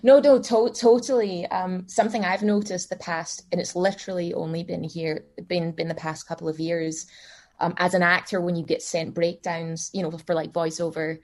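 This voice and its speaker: Glaswegian woman voice actor chatting, kinda low voice, lots of um and you know. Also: fairly even intonation, moderate pace, a little mellow. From Scotland. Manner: chatty, many restarts and fillers. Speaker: voice actor guest. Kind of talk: casual conversation.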